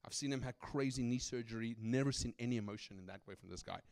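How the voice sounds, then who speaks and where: A middle-aged man from Africa, preaching a sermon as a guest speaker, telling personal stories in an animated, conversational way and often asking "right?". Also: medium pitch, fast, clear, resonant tone. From South Africa.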